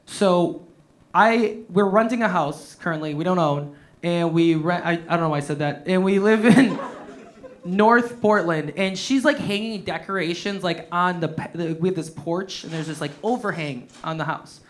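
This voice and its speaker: A man's voice: sits high, normal speed, slight background noise. A man headlining a stand-up comedy set on a club stage, talking into a handheld mic, swearing freely and laughing through his own punchlines.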